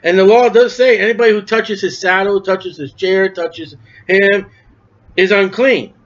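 A man's voice: fairly even intonation, measured pace, fairly bright tone, lo-fi sound. A man preaching a sermon in a conversational way, asking and answering his own questions and acting out the voices in the story. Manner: acts out quoted voices with raised pitch.

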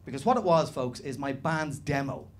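A young Irish man doing a stand-up comedy set, animated and swearing, with shouted impressions. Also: medium pitch, brisk, a little hiss or hum. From Ireland. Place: small comedy venue with live audience. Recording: live club recording with laughing crowd. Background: audience laughter.

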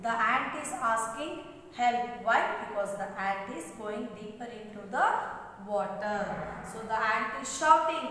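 A woman teacher takes her class through a poem line by line, slowly and with plenty of repetition, dropping into Kannada to explain words. Her voice sits high. The recording sounds far from the mic, with a long echo hanging in the room. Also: bright, forceful tone, a little hiss or hum. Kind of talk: English lesson explaining a poem.

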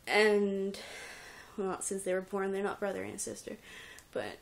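A woman's voice: medium pitch, unhurried, vocal fry, slight background noise. A young woman who runs a reptile rescue, venting at home into a handheld camera in a frustrated, rambling and tearful way. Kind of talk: emotional personal vlog. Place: at home indoors. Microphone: handheld camera at arm's length.

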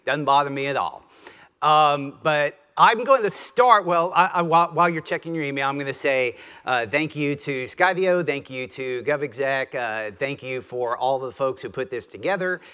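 Southern man, 50s, retired general, keynote, chatty and self-deprecating, bright forceful tone. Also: mid-range voice, normal speed, clear, resonant tone. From Mississippi, US. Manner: conversational, animated, self-deprecating. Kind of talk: conference keynote speech.

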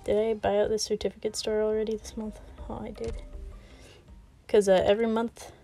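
A woman's voice: mid-range voice, level tone, brisk, creaky, mellow, soft background music. A woman chatting casually while playing a game; she laughs often, rambles and sounds a little out of breath. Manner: giggly and rambling. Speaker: gaming video creator.

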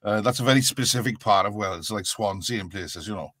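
A man's voice: lowish voice, fast talker, a bit bright, dry recording, clean studio sound. A man with a Dublin Irish accent, a voice actor and former dialect coach, chatting casually on a livestream panel and telling stories with stammered repeats. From Ireland.

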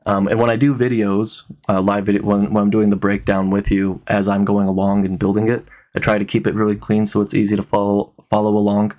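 Low-voiced man rambling through a tutorial. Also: fairly quick, hardly any pauses. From Utah. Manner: relaxed, rambling, frequent ums and restarts. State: tired, yawning. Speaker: tutorial host. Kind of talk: casual screen-recorded software tutorial.

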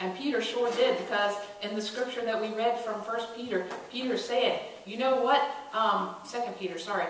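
A woman's voice: a little high, normal speed, hardly any pauses, a little hiss or hum. A woman pastor giving a sermon, telling stories and acting out the quoted voices as she builds to emphatic calls. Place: church sanctuary. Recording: echoey church from a distant mic.

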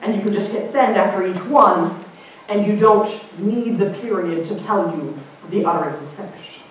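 A woman linguist giving a casual public lecture, chatty and animated, putting on higher voices for the people she quotes. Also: normal speed, slight background noise. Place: lecture hall. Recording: echoey hall from far off.

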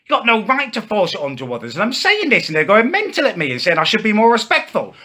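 A man's voice: high-pitched, huge pitch swings, fast, pushed and bright. A young man delivering an indignant, self-important comic rant to camera at home. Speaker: comedy vlogger. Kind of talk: ranting comic monologue to camera. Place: home, indoors.

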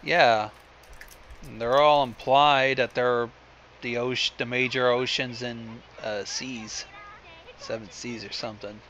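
A man's voice: mid-range voice, steady tone, slow, fairly bright tone, highs cut off, a little hiss or hum. Sardonic man mocking a cheap cartoon. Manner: sardonic and profane. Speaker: host riffing on a film. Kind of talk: casual mocking commentary.

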